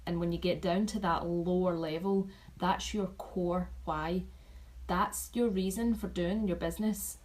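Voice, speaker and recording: A woman talking casually to her team, chatty and animated, repeating herself and restarting sentences as she shares notes from an event. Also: mid-range voice, poor audio. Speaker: vlogger sharing event takeaways.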